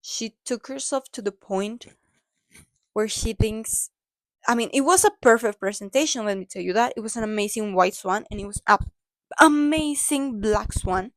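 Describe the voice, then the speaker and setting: A woman vlogger with a fairly high, fairly bright voice recaps a movie at normal speed, with no echo. She's chatty and gushing, saying "like" and "literally" a lot, and speaks from personal experience as a dancer herself.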